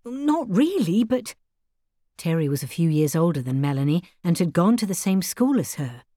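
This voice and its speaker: Woman narrator, low, animated pitch, calm storytelling, dry close mic. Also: brisk, no echo. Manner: calm, expressive.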